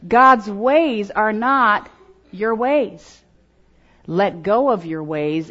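Middle-aged lady preaching to women, lowish voice, rises loud then drops soft, dull old recording. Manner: preaching with strong rises and hushed prayerful drops. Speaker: speaker at a women's gathering. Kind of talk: sermon.

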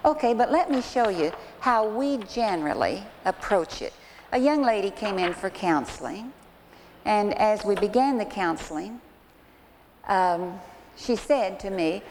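An earnest woman counselor tells a story from the pulpit, pausing to speak straight to her listeners. Her voice is caught with a long hall reverb and a faint steady hiss underneath. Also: mid-range voice. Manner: earnest, illustrative storytelling with direct asides. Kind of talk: sermon-style storytelling.

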